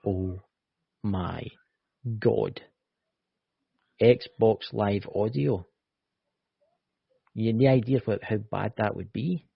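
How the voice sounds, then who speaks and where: A man's voice: lowish voice, slow, vocal fry, long pauses, slightly rough, dry recording. A Scottish man co-hosting a live-stream chat over a video call, teasing and joking, with lots of "you know". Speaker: co-host. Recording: dull lo-fi call audio.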